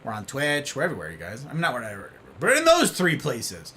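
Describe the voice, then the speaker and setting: A man's voice: medium pitch, wildly swooping pitch, a little fast, sharp tone, slight background noise. A young man chatting casually with his live-stream viewers, playful and theatrical, with old-fashioned turns of phrase.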